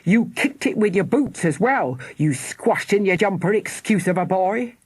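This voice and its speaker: A woman's voice: mid-range voice, animated, a little slow, husky, no room sound, pitched above the performer's own voice. A woman reading an audiobook, voicing a quarrelsome father who snarls insults at his son. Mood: snarling.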